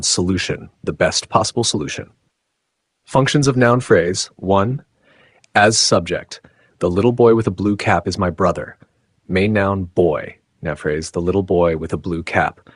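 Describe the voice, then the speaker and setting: Man, English teacher, exam-prep lesson, deep voice, dry close sound. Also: slightly rough, no room sound. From Pakistan. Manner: reads out word lists and explanations, switching to Urdu translations.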